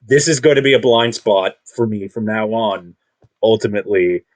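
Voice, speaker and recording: A man speaking in an unscripted monologue, rambling and halting with many restarts, combative and self-assured. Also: lowish voice. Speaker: video commentator.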